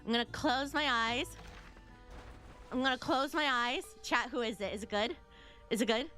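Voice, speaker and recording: A young adult woman streaming a video game, chatting excitedly to her viewers, often repeating herself and singing silly snippets. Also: a little high, normal speed, faint music behind. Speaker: VTuber streamer. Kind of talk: casual gaming stream chat.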